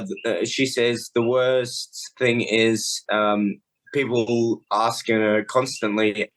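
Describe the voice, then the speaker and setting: A man's voice: lowish voice, fairly bright tone, poor audio. A man guesting on a podcast as a wrestler, chatting casually and telling stories that trail off and restart. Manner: storyteller who trails off and restarts.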